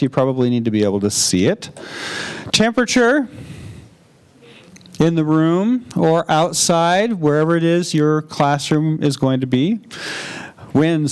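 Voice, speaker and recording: A man's voice: a little high, a little mellow, clear, resonant tone. A man leading a teaching workshop, chatty and jokey, drawing answers out of the audience in a large room. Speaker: workshop presenter.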